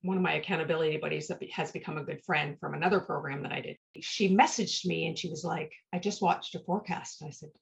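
Woman hosting a podcast, lowish gravelly voice, chatty and heartfelt, keeps saying right?, muffled lo-fi sound. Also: fairly even intonation, quick pace, hardly any pauses. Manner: personal storytelling, often tags "right?". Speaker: podcast host. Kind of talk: casual heartfelt conversation. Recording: dull lo-fi sound.

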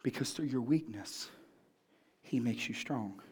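A man's voice: medium pitch, a little slow, a little mellow, slightly rough. A man pastor preaching a sermon, asking the congregation questions and building in fervor.

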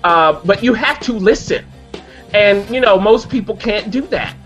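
A woman's voice: mid-range voice, animated, unhurried, faint music behind. A woman hosting a casual chat, assertive and playful, often laughing.

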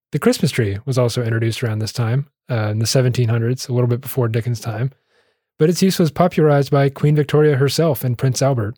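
A man's voice: mid-range voice, darkish tone, no echo, studio quality. A man co-hosting a casual history podcast, chatty and jokey, laughing often between facts. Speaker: podcast co-host.

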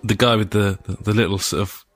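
A man in his thirties telling stag-weekend stories on a podcast, jokey and sweary. His voice sits a little low. The sound is dry and close. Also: steady tone, brisk, no echo, soft background music. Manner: laid-back, sweary, jokey. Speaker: podcast co-host. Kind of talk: casual banter.

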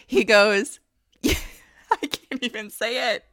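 Bright, laughing woman podcast host. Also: on the high side, slow. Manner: laughs often, animated storytelling. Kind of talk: casual faith podcast chat.

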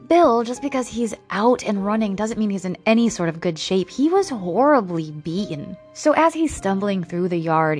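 A woman's voice: mid-range voice, darkish tone. Emotional woman hosting a true-crime podcast. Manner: emotional, blunt, swears freely. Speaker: podcast host.

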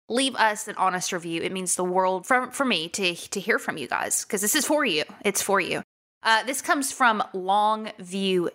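Woman, Texan accent, podcast host, bright forceful voice, energetic, emphatic. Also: medium pitch. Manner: energetic and emphatic, talks straight to listeners. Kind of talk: casual solo podcast monologue.

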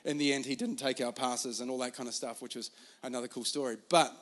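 A man's voice: medium pitch, fairly even intonation, fast, fairly bright tone. A man with an Australian accent preaching a sermon, telling stories in a casual, chatty way. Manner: casual, storytelling, lots of fillers. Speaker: pastor. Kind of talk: sermon with storytelling.

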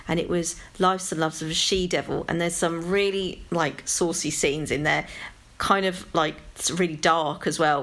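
London woman, low-pitched, chatty podcast co-host, rambly and lively. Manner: chatty, rambling, animated asides. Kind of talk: casual chat about TV.

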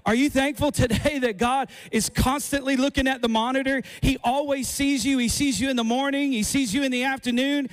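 A man's voice: very high-pitched, steady tone, fairly quick, few pauses. A man preaching a sermon as pastor, repeating phrases and restarting lines as he builds to fervent emphasis. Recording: long hall reverb.

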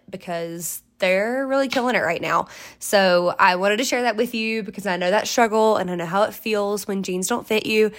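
A woman's voice: medium pitch, fairly bright tone. Chatty woman in her twenties. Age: 20s. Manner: chatty, rambling, self-interrupting; upbeat, encouraging, gushing. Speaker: podcast host. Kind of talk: casual solo chat.

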